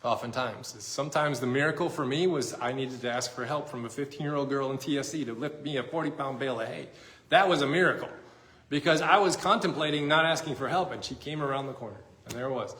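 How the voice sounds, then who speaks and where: In an echoey church sanctuary, a middle-aged pastor gives a sermon with a mid-range, slightly bright voice, talking fast over slight background noise. He tells stories conversationally and pokes fun at himself along the way.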